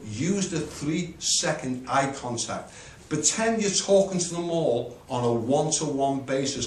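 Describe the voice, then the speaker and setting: Energetic British man coaching, echoey room. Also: far from the mic, a little hiss or hum. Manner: energetic, emphatic, with dramatic pitch swings. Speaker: motivational speaker. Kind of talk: public speaking coaching talk.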